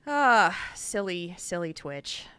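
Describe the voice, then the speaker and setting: A woman's voice: lowish voice, takes it slowly, clear, resonant tone, no echo. A woman co-hosting a casual gaming podcast, telling a story with lots of laughter and acted-out quotes. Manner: animated storytelling, laughs often, acts out quotes. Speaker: podcast co-host.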